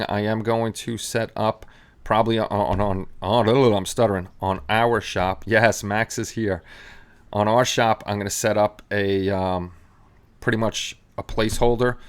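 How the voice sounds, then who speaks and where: A man's voice: on the low side, clean tone. A man hosting a casual live stream, chatting loosely with many fillers and restarts. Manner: rambling, with frequent restarts and fillers.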